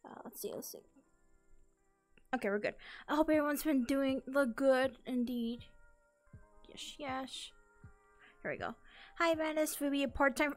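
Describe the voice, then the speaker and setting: Bubbly high-voiced woman streamer. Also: measured pace, soft background music. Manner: bubbly and excitable, easily startled into loud yelps and laughter; playful, repeats catchphrases. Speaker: live streamer. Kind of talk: casual live-stream chat.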